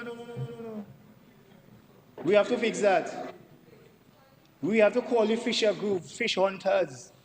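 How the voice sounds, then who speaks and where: A man with a Dominican accent giving an emphatic parliamentary budget debate speech, repeating himself for emphasis and addressing the Speaker. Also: sits high. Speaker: member of parliament. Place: parliament chamber. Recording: long chamber reverb with faint background noise.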